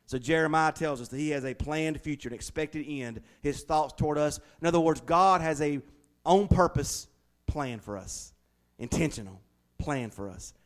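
A man preaching a sermon, telling folksy stories with big swings between loud and hushed delivery. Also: fairly high pitch, moderate pace. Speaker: pastor.

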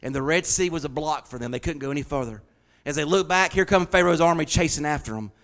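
Fervent, bright-voiced male preacher. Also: on the high side, fast talker. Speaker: pastor. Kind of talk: sermon.

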